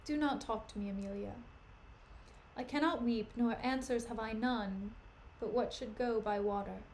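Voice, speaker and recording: A woman reading the part of a young noble wife who is hurt, weary and bewildered, in a soft, low, subdued voice. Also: normal speed, a little hiss or hum, close to an everyday voice, low-quality recording. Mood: sorrowful. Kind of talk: dramatic reading of a play.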